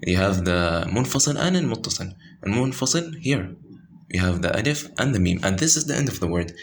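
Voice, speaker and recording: Very low-voiced man teaching tajweed. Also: big pitch swings, slight background noise. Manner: halting, many fillers and self-corrections. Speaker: Quran recitation teacher. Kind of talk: informal tajweed lesson with screen pointing.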